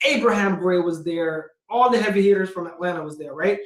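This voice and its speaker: A man hosting his own video, giving casual, energetic real estate advice straight to viewers and calling them guys. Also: high voice, fairly quick, roomy sound. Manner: energetic, direct, keeps calling viewers 'guys'. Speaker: real estate investor and channel host. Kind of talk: casual motivational vlog talk. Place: indoor room with a self-made backdrop.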